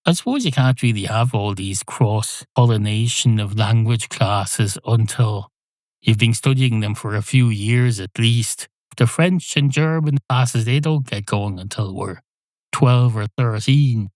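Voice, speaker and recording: A man's voice: fairly low pitch, unhurried, dry recording, clean studio sound. An Irish man hosting a podcast, delivering a rambling comic monologue in a mock-scolding tone. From Ireland. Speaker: podcast host.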